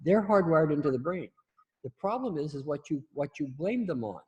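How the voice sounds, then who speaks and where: A man's voice: a little high, expressive, normal speed, a little mellow, slightly rough, muffled recording. A man teaching a class in a casual spoken style, often repeating and restarting his words, with blunt, salty humor. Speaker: instructor.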